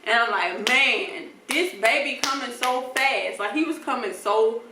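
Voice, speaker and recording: A young woman telling a casual, animated storytime and acting out the people she quotes. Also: a little high, a little slow, echoey room, distant mic, noisy background. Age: young adult. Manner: animated, acts out voices in quotes, laughs often. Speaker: vlogger.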